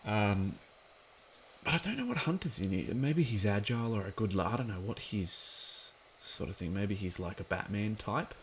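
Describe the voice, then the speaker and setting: Commenting casually as he watches an episode, a man rambles along with plenty of fillers. He sounds animated in a voice on the low side, speaking at normal speed over a slight hiss or hum.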